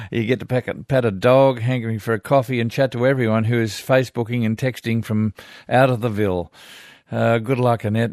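A man's voice: medium pitch, no echo, clean studio sound. An older Australian man hosting a radio show, reading listener letters with chatty asides. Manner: warm chatty asides, chuckling.

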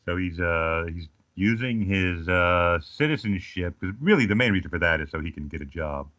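Low-voiced Australian man, dry jokes. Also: expressive, normal speed, fairly bright tone, dry recording. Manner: dry joking storyteller. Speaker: guest. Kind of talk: casual comic chat. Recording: slightly dull lo-fi sound.

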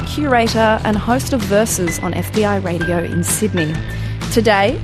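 A woman host giving a scripted show introduction in a playful, theatrical way. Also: mid-range voice. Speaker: podcast host. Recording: music playing under the voice.

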